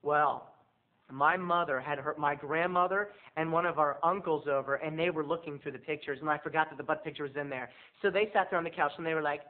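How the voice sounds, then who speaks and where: A man, a video blogger, telling a comic story to his viewers in an animated, theatrical way. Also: a little high, brisk. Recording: tinny phone-like sound.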